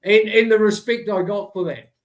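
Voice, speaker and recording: A man's voice: sits high, normal speed, poor audio. A middle-aged man with a New Zealand accent, chatting bluntly and swearing freely on a livestream call. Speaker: co-host. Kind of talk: casual chat.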